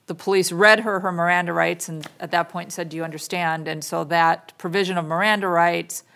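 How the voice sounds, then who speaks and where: A woman's voice: lowish voice, steady tone, a little fast, creaky, fairly bright tone. A woman judge questioning counsel from the bench in a probing, methodical way. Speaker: appellate judge.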